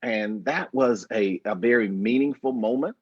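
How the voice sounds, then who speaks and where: A husky man in his fifties tells a personal story as a guest, slow and emphatic. His voice comes through a dry, dull video-call line with little room sound. He speaks in a measured, reflective way. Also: mid-range voice, no echo.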